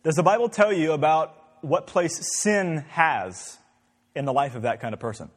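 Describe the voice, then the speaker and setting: A man's voice: a little high, animated, normal speed, long reverb tail. A man leading an interactive Bible class, asking the group many questions in a conversational way. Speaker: Bible study teacher.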